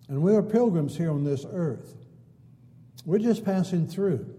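Male preacher, very warm dark tone, repetitive stacked phrasing, recorded with long church reverb. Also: fairly high pitch. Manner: repetitive, building phrases with folksy asides. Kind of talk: sermon. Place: church sanctuary.

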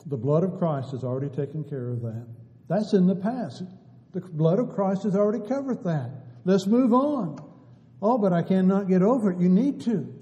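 A man's voice: high-pitched, dark tone, dull audio. A man preaching a sermon in an earnest, pleading way, asking many rhetorical questions. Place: church sanctuary. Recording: church hall with long reverb.

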